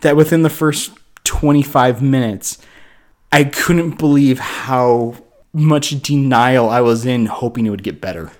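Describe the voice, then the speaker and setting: A man's voice: medium pitch, unhurried, darkish tone. A man in his thirties, a podcast co-host, telling a story in casual movie chat and acting out his own reactions.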